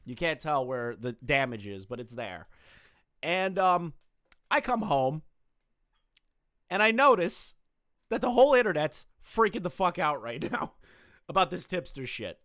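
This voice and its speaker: A man hosting a casual livestream, reacting to online drama with constant swearing and jokes. His pitch jumps around a lot, and the sound is close and dry. He keeps turning to address his chat directly. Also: expressive, a little slow, pauses often, fairly bright tone, dry recording. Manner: profane, joking, talks straight to chat.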